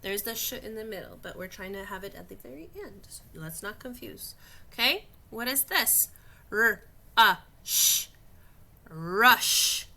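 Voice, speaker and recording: Bright-voiced woman teaching phonics slowly. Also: medium pitch, lively intonation, creaky. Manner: slow, patient and encouraging, stretching out sounds. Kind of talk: phonics lesson for young children.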